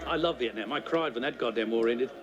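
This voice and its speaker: A man's voice: medium pitch, fast, lo-fi sound, background noise, lightly acted. An actor playing a brash, jovial man who greets old friends effusively in a film scene. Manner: boisterous, effusive. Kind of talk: film dialogue.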